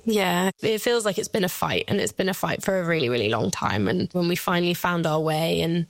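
A woman's voice: fairly low pitch, expressive, a little fast, no echo. A woman in her thirties, a guest mother speaking candidly about her daughter, at times tearful, with light laughs. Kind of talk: emotional personal interview.

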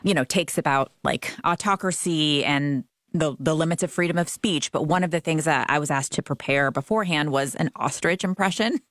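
A woman hosting an interview, relaxed and chatty, with many fillers and easy laughter. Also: low voice, brisk, few pauses, no room sound, clean studio sound. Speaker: interview host. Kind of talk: conversational interview.

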